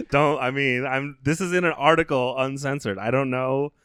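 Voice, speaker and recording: A man in his thirties co-hosting a comedy podcast, low-key and dry, teasing quietly and reading things aloud. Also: steady tone, normal speed, clean tone, no echo. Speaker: podcast co-host. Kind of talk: casual comedy chat.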